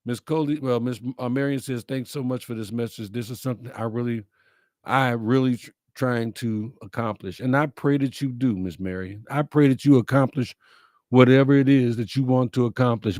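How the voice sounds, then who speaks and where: A middle-aged livestream host with a medium-pitched, darkish voice moves at a moderate pace. Over clean studio sound with no room sound, he answers viewer comments for his message show in a folksy, sincere, preacherly way.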